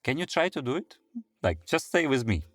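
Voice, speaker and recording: A man with a Russian accent teaching handpan in a relaxed way, pausing often with fillers and chanting drum syllables. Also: mid-range voice, dry recording, clean studio sound. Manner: non-native English, hesitant fillers, vocalizes rhythms. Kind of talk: casual music lesson.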